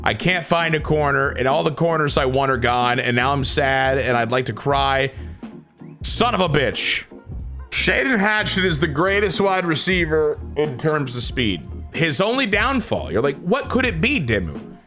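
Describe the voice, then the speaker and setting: A man commenting on his own video game play, excitable and dramatic, swinging from shouts to groans. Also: fairly high pitch, measured pace, faint music behind. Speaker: gaming YouTuber.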